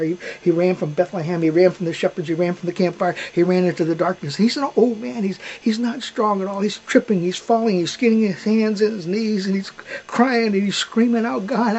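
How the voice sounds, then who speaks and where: A man's voice: sits high, fairly even intonation, fairly quick, darkish tone, dull audio, slight background noise. A man telling a heartfelt story to his children, dramatic, often dropping to a whisper and swelling at tense moments.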